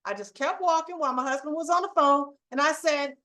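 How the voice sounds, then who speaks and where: Bright, high-voiced middle-aged woman preaching. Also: fairly quick. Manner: emphatic, animated, conversational. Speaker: channel host. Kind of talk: preachy storytelling talk to viewers.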